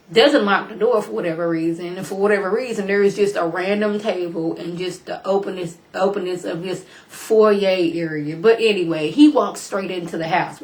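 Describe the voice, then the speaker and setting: A woman vlogger casually recapping TV episodes, colloquial and incredulous, her voice jumping high when exclaiming. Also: moderate pace. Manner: colloquial, chatty, talks straight to viewers.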